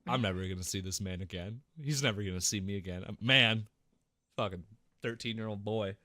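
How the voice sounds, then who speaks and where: A man's voice: on the low side, brisk, sharp tone, no echo, studio quality. A young man co-hosting a podcast, telling a gaming story with a lot of swearing and acting out voices and gunfire. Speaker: podcast co-host. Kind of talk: casual gaming story chat.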